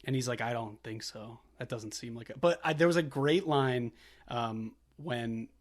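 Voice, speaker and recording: A man's voice: mid-range voice, normal speed. Laid-back young man recapping a film. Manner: retells scenes with quoted bits and laughs. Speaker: podcast co-host. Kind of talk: casual chat.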